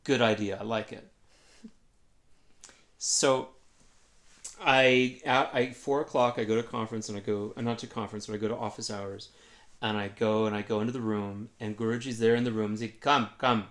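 A man's voice: lowish voice, level tone, brisk. A man guest telling a funny, self-mocking story in a conversation, acting out what people said.

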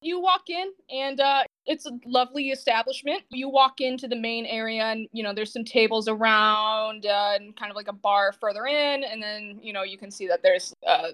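A woman with a high voice runs a tabletop game as game master. She describes the scene casually, hesitating often with little fillers. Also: moderate pace, few pauses, fairly bright tone.

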